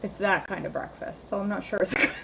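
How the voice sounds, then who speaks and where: A woman's voice: mid-range voice, fairly quick, gravelly, heavy background noise. A woman hosting a live cooking stream, chatty and rambling, greeting viewers by name from her home kitchen. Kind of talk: casual live-stream chat.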